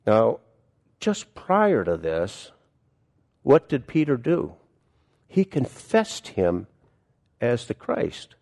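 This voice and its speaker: A man preaching a sermon, reading scripture aloud and then explaining it in an earnest, deliberate way, often asking his listeners rhetorical questions. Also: fairly low pitch, big pitch swings, creaky, darkish tone. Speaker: pastor.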